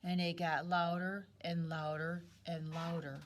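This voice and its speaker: A woman, a second-grade teacher, reading a picture book aloud to children in a slow, expressive, dramatic way. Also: lowish voice, a little hiss or hum.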